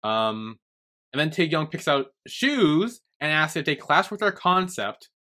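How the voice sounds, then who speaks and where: A man's voice: fairly high pitch, very animated, measured pace, sharp tone. A young man co-hosting a podcast, chatty and retelling scenes with frequent swearing. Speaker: podcast co-host. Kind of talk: casual chat.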